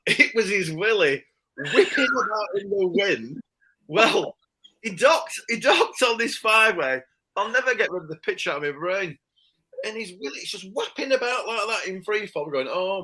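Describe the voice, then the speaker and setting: A man telling a casual anecdote, animated and laughing as he acts out the people he quotes. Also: high voice, normal speed, poor audio. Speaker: storyteller.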